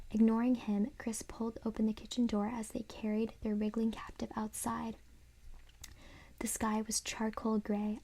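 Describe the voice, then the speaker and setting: A woman reading a children's horror story aloud in a soft, unvoiced whisper, as whispered role-play. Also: a little high, gravelly, slightly rough. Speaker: ASMR reader.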